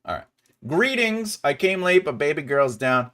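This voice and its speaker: A man with a clear New York accent explains story and pacing to a live audience. His pitch is animated and his delivery stays conversational. He laughs often as he reads viewer comments. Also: moderate pace. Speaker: developmental editor hosting a live stream. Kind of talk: live-stream writing lesson.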